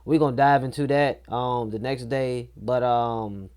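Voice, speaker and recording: A man's voice: mid-range voice, steady tone, a little slow, a little mellow, smooth. A man hosting a reaction video, commenting in a laid-back, slangy way. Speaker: reaction channel host.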